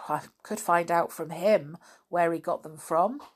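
A woman's voice: fairly low pitch, unhurried, breathy edge. A woman voicing a responsible older boy who speaks in a matter-of-fact way. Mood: earnest.

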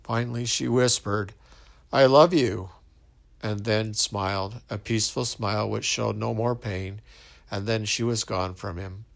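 Male storyteller, slow and measured, low gravelly voice. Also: steady tone, fairly bright tone. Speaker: narrator. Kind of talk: story narration.

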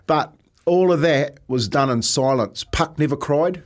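A man in his forties with a New Zealand accent, hosting breakfast radio and telling stories in a relaxed, reflective way, often saying "mate". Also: fairly high pitch, moderate pace. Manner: reflective storyteller, says "mate" often, chuckles. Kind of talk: casual radio chat.

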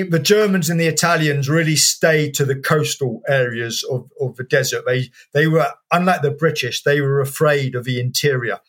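A man, an author and historian, answering an interview question as a lively anecdotal story with many fillers and restarts. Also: a little high.

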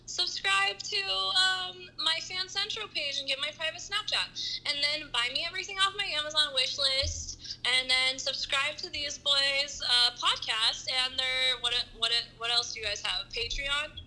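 A young woman guesting on a podcast, chatting casually with deadpan teasing jokes and frequent laughter. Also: high voice, measured pace, poor audio. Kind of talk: casual chat.

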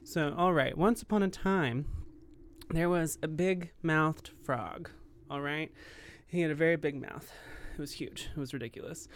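A man's voice: on the high side, a little slow, slight background noise. A man in his twenties co-hosting a podcast, telling a story in a rambling, self-mocking way. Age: 20s. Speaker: podcast co-host. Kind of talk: casual chat.

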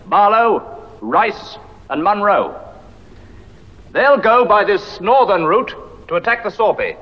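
A man playing an air force commander briefing bomber crews in a 1950s war film, speaking briskly and commandingly. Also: high voice, heavily acted. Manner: brisk, commanding, lists names methodically. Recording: dull lo-fi film audio with long reverb.

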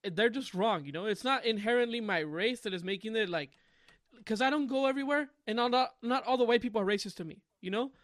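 A man telling stories on a podcast, animated and acting out the people he quotes. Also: high-pitched, quick pace, no echo, studio quality. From Colombian family. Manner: animated storyteller, mimics voices in quotes. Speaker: podcast co-host. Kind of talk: casual podcast chat.

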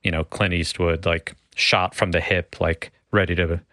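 A man's voice: low-pitched, steady tone, moderate pace, pushed and bright, no echo, clean studio sound. A man co-hosting a casual podcast chat, rambling with lots of fillers. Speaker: podcast co-host.

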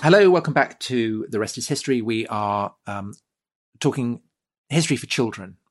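A man's voice: medium pitch, lively intonation, moderate pace, faint music behind. A man hosting a history podcast, talking enthusiastically with many ums and restarts. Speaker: podcast host. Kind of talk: casual podcast conversation.

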